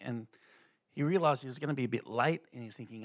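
A middle-aged man shares a testimony at church. His delivery is loose and conversational, full of fillers and restarts, pitched in an ordinary male range. The recording is dry, with no room echo. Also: fast. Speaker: lay speaker sharing a testimony.

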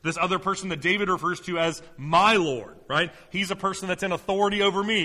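A man's voice: sits high, brisk, pushed and bright, big-room sound. A male pastor preaching a sermon in a loose, conversational way, full of fillers and restarts, building to emphatic delivery.

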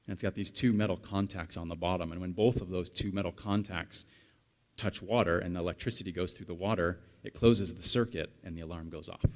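A man's voice: low-pitched, darkish tone. A man in his thirties, a pastor, giving a conversational sermon and telling a story while chatting with the congregation.

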